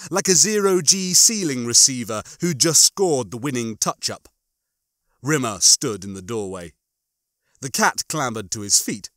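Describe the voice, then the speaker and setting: A man reading a comic audiobook as narrator, with animated, expressive storytelling. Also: medium pitch, normal speed, dry recording, studio quality. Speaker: audiobook reader.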